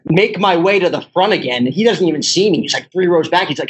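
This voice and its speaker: A young man rambles through a story in casual chat, his speech peppered with "like". His voice sits a little high, and he laughs as he talks. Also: lively intonation, fast talker, breathy edge, poor audio. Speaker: podcast guest.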